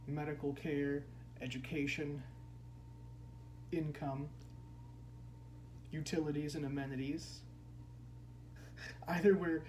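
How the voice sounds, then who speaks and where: A man giving a contemplative spiritual discourse as a teacher, unhurried and repeating key phrases for emphasis. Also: on the high side, mellow, slight background noise.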